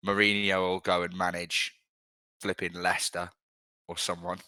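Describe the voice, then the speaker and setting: A man's voice: deep voice, little pitch movement, normal speed, sharp tone, clear, resonant tone, no room sound. A young man co-hosting a football podcast, chatting casually with jokey, blunt banter and the odd swear word. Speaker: podcast co-host.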